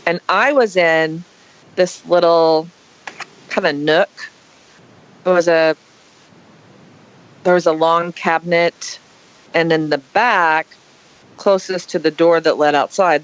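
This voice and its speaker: A woman guest on a podcast, telling a story casually with dramatic, animated flair and acted-out quotes. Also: deep voice, slow, pauses often, clean tone. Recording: dull lo-fi podcast audio.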